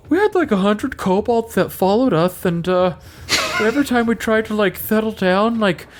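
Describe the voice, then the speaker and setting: A woman's voice: medium pitch, natural voice. A woman voicing a friendly, nervous kobold who rambles and hesitates as he talks. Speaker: game master.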